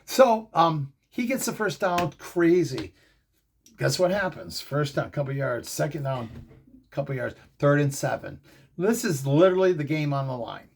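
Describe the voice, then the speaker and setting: A middle-aged man hosting a fan show, telling a rambling, excitable story in casual commentary. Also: on the high side, measured pace. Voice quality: gravelly, husky.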